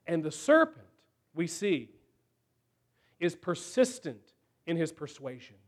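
Male preacher, higher register, deliberate and emphatic sermon delivery. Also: sing-song. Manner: slow, emphatic preaching with dramatic pauses.

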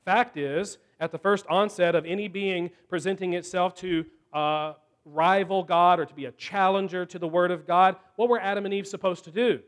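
Male preacher, higher register, deliberate and emphatic sermon delivery. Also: fairly bright tone. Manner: slow, emphatic preaching with dramatic pauses.

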